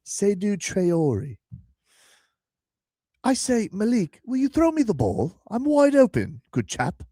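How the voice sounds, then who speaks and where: A haughty, prim British gentleman with a plummy, put-on accent, as a radio host puts him on, his voice jumping high and swooping wildly. The tone is mock-proper and theatrical, a comic radio bit. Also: sing-song, takes it slowly, no room sound, clean studio sound, exaggerated voice. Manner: exaggerated, mocking, plummy. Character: pompous posh British man, haughty and prim. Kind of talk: comic impression on sports radio.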